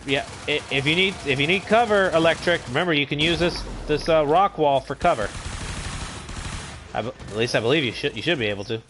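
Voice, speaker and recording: A man's voice: a little high, brisk, background noise. A man hosting a gaming channel, giving laid-back, rambling commentary while he plays and chats to viewers. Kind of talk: casual gameplay commentary.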